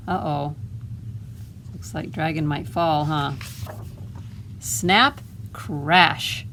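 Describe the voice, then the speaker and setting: A woman children's librarian reads a picture book aloud, slow and unhurried, with a voice that sits a little low. She keeps it gentle and friendly, pausing to ask the little listeners questions, over a faint hiss in the background. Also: poor audio.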